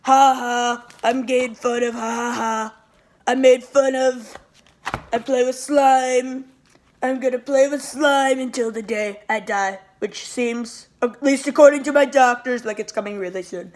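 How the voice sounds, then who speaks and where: Woman impersonating a boastful male president, petty, rambling, repeats himself, comic monologue, higher voice. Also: fairly even intonation, a little slow, a little mellow, natural voice. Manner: rambling, repeats insults and nicknames. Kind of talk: comedic impression monologue.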